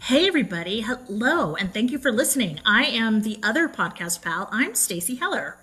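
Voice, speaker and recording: A woman co-hosting a podcast in casual chat, friendly and quick with short replies. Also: fairly high pitch, big pitch swings, pushed and bright, breathy edge. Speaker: podcast co-host.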